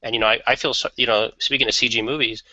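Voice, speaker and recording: A man's voice: medium pitch, steady tone, racing, sharp tone, dry recording, dull audio. A man chatting casually and giving opinions on a radio talk show, often laughing.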